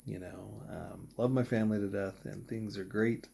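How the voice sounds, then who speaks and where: A man's voice: fairly low pitch, steady tone, moderate pace, vocal fry, dark tone, slight background noise. A man in his thirties, a triathlete vlogger, telling a race story in a rambling, reflective way, full of fillers and quoted dialogue. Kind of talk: casual vlog storytelling.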